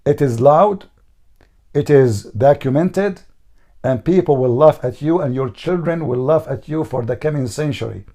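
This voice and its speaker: A man with a high-pitched, hoarse voice hosts a heated online debate. He hammers the same question over and over and mocks the other side without letting up. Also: normal speed, warm tone. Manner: insistent, mocking, repeats questions. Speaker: debate host.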